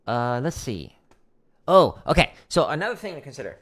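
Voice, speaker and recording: A man's voice: medium pitch, sing-song, normal speed, fairly bright tone. A man hosting a casual livestream drum lesson, explaining technique as he demonstrates, with frequent "like" fillers.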